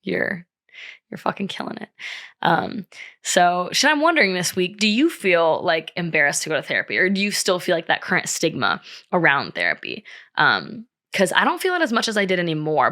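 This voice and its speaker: A young woman hosts her own podcast in a casual, confessional chat. Her voice sits a little low but swings widely, with a bright, forward tone. She talks openly, peppering her speech with "like," "um," and plenty of swearing. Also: very animated, brisk. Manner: candid, swears often, many "like" and "um" fillers. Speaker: podcast host.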